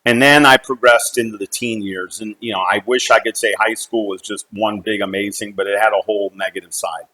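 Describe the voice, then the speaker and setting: A middle-aged American CEO tells a personal family story earnestly but haltingly, often starting his sentences over. His lowish voice is bright and forceful with fairly even intonation, and the recording is rough.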